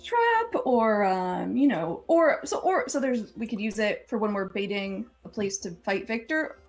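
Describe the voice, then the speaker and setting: A woman's voice: mid-range voice, animated, measured pace, soft background music. A woman playing a tabletop role-playing game, talking in a meandering way that trails off mid-thought. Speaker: player. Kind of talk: tabletop role-play chat.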